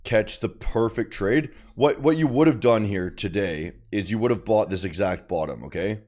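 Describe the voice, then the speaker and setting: A man streaming live and chatting casually about his trades, calling viewers bro and swinging from mumbles to loud bursts. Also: lowish voice, normal speed. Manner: loose and slangy, calls viewers bro and boys. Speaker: trading streamer.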